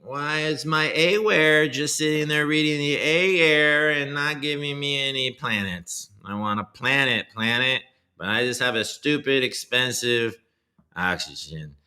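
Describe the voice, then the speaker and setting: A man putting on a whiny, nasal voice of a young male crypto developer, drawling slowly and rambling. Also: mid-range voice, pushed and bright, pitched above the performer's own voice. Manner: drawling, slow and rambling, petulant.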